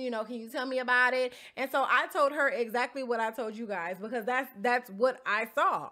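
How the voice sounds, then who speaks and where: A young woman with a high voice recaps the week's drama in a loose, animated way, full of slang and quick laughs. Her tone is bright and a little sharp. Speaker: podcast host recapping a reality show. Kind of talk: casual storytelling recap.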